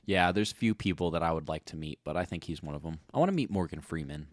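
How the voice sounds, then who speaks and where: Man, podcast co-host, low voice, animated pitch, playful casual chat, dry close sound. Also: fast talker, no echo. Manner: playful, laughs easily, earnest asides.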